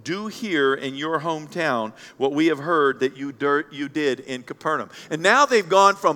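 Animated pastor preaching. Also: male voice, a little high, normal speed. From Central Kentucky. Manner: animated, blunt, acts out voices of others. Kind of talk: sermon. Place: church sanctuary. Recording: long hall reverb.

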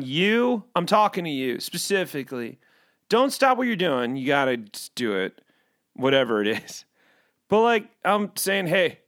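A man hosting his podcast in a rambling, jokey monologue, swinging between loud outbursts and mumbles. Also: medium pitch, dry recording, clean studio sound. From Midwest US. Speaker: podcast host. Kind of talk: casual comedic monologue.

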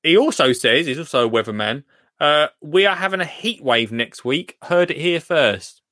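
A man's voice: fairly high pitch, expressive, normal speed, sharp tone, no room sound, clean studio sound. A British man hosting a live gardening stream, chatting casually, joking and laughing as he reads out viewer comments. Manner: jokey, laughs often, reads comments aloud. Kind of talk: casual chat.

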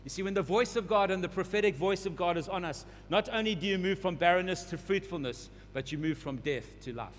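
A man's voice: high voice, fast, few pauses. A man preaching a sermon, repeating phrases and building to urgent emphasis. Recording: long hall reverb, faint hum.

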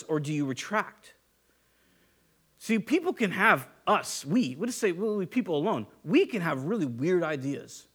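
A man with a fairly high voice preaches a sermon as if chatting with friends. He drifts into little stories, slips into the voices of the people he quotes and laughs at his own mishaps. He sounds like a pastor in his thirties. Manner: conversational storytelling, acts out quoted voices, laughs at himself.

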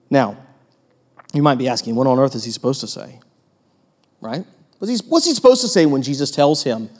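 A man preaching a sermon as pastor, animated, acting out quoted voices and putting questions to the congregation. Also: on the high side, brisk, pauses often. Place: church hall with long reverb. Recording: long hall reverb.

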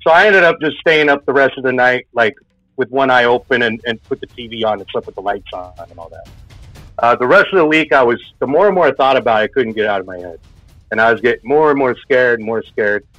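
A man's voice: mid-range voice, animated, quick pace, fairly bright tone, no echo. A man telling a personal spooky story in a casual, rambling way, full of filler words. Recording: dull lo-fi sound with faint music.

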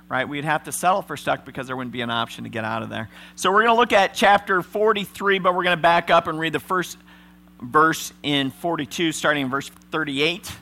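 A man pastor preaching a sermon in a conversational, animated storytelling way. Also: medium pitch, slight background noise. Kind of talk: sermon with scripture reading.

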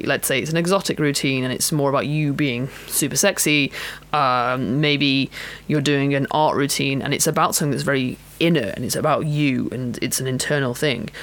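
A woman's voice: a bass voice, brisk. A woman who coaches pole dancers, hosting a casual solo podcast in a chatty, frank way, with self-mocking laughs and many fillers.

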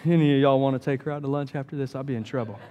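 A man's voice: medium pitch, racing, lo-fi sound. A man preaching a sermon as pastor, telling stories with playful jokes. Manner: animated storytelling with jokes.

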